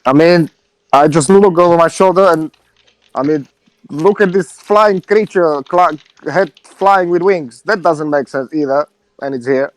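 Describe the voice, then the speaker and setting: Sarcastic male player, high pitched, dry sound. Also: a little slow, dry recording. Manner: cheeky, sarcastic.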